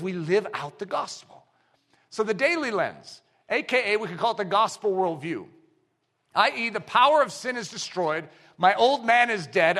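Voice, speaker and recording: Male pastor, high bright voice, emphatic sermon delivery that climbs to shouts, long church reverb. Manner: emphatic preaching that builds to shouts.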